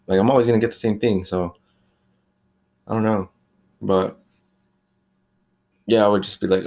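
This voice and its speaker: A young man with a deep voice and a gravelly, creaky edge talks in a loose, rambling rant. He sounds exasperated, peppering his speech with "like", "you know" and swearing as he vents about work at a fast-food shop. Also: steady tone, a little mellow. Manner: exasperated, venting about rude customers. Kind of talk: casual ranting monologue.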